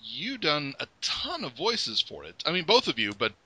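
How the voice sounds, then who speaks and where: A man hosting a casual interview, chatty and animated, with hesitant restarts. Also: fairly high pitch, normal speed, slightly rough, rough recording. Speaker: podcast host.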